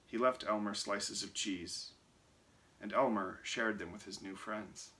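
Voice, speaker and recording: A man reading a children's picture book aloud, expressive and lively. His voice sits on the low side yet sounds bright and forceful. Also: measured pace. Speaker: reader.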